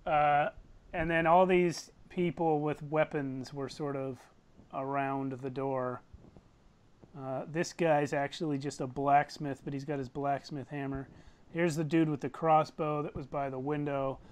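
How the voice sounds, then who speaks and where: A man's voice: fairly high pitch, level tone, unhurried, clean tone. A man narrating as game master of a tabletop game, describing scenes and characters in a descriptive, lightly amused manner.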